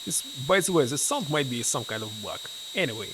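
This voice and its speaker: A man streaming a game, reading its text aloud and thinking out loud in hesitant English, which is not his first language. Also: mid-range voice, lively intonation, fairly quick, background noise.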